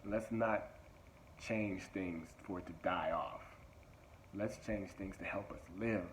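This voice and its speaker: A man's voice: low voice, a little hiss or hum, poor audio. A man delivering a motivational monologue, emphatic and repetitive, urging listeners directly. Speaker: motivational speaker.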